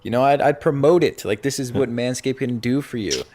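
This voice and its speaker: A man's voice: mid-range voice, brisk. Laughing young man telling a story. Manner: animated storyteller, laughs through his own story. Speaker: podcast co-host. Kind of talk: casual chat.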